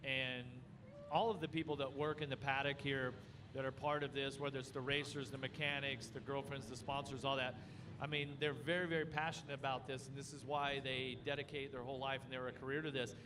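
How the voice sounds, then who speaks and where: Man co-host, rambling and joking, clear event noise behind. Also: medium pitch, level tone, fairly quick. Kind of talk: casual chat.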